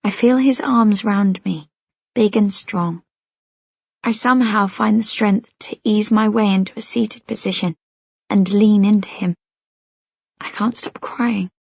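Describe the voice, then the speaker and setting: A woman reading a first-person audiobook in a hushed voice that often drops to a whisper. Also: mid-range voice, unhurried, creaky, slightly rough, dry recording. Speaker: audiobook narrator. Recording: dull, dry lo-fi audio.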